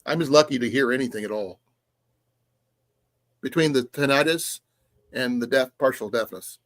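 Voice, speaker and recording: A man's voice: mid-range voice, moderate pace, a bit bright, no room sound. A man co-hosting a casual podcast chat, rambling and laughing often. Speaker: co-host.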